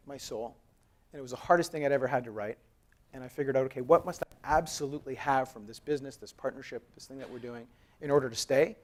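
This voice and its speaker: Fast-talking man giving a keynote. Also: mid-range voice. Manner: lively, conversational, acts out dialogue with raised voice. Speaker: conference speaker, company co-founder. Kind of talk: storytelling keynote talk. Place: conference hall.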